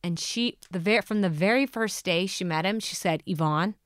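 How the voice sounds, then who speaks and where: A woman's voice: on the low side, moderate pace, no room sound, studio quality. A woman hosting a podcast, giving earnest coaching on manifesting love and asking listeners many questions. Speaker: podcast host.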